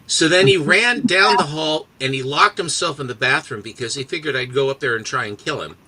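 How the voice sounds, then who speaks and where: A man in casual chat, telling a long family anecdote in a halting, rambling way. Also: on the high side, sharp tone, husky, rough recording. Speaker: co-host.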